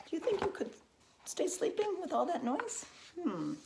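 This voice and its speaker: A woman teacher reading a picture book aloud to young children, expressive and asking them questions along the way. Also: extremely high pitch, normal speed, vocal fry, noisy background. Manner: lively, expressive, asks listeners questions.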